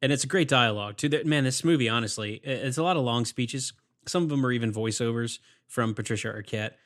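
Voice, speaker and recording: A man's voice: medium pitch, quick pace, fairly bright tone. A man co-hosting a casual movie podcast, easygoing as he runs through cast lists and favorite quotes. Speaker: podcast co-host.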